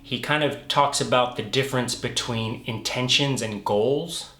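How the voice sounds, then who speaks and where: An enthusiastic man chats to camera in a loose, easy way, leaning on "like" as he talks. His voice sits at an ordinary middle pitch. The room around him is noticeably echoey. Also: unhurried, pushed and bright. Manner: enthusiastic, loose and chatty, heavy on "like". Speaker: vlogger. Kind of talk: casual chat to camera. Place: lives in London.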